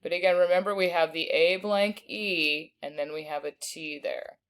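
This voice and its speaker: A woman teaching a recorded spelling lesson, patiently sounding out each word slowly. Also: fairly low pitch, fairly even intonation, clear, resonant tone. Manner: patient, slow sounding-out of words.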